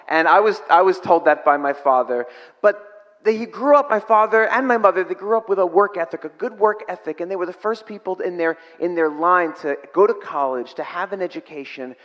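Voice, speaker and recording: Middle-aged male preacher who reads scripture and then chats through it, with a somewhat raised pitch and a ringing hall echo. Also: fairly bright tone. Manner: conversational, reads scripture then explains it plainly. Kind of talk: sermon. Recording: long hall reverb.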